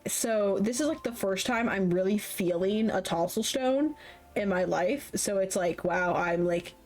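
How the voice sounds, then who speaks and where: A woman streamer in her late twenties talks casually and at length, drifting from one thought to the next. She laughs often and swears freely. Her voice sits at an ordinary mid pitch. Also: a little slow, darkish tone, soft background music. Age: late 20s. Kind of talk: casual chat on a live stream.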